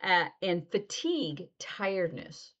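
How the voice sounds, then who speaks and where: A woman's voice: fairly low pitch, very animated, slow pace, a bit bright, lo-fi sound. A woman teaching a casual video lesson, chatty and loose, acting out little example dialogues as she explains. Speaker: sign language teacher.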